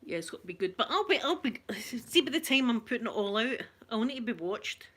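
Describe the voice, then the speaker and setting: A Scottish woman vlogger chatting casually with her viewers, talkative and quick to laugh at herself. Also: on the high side, big pitch swings, fairly bright tone. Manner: chatty, laughs often, self-mocking. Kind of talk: casual live-stream chat.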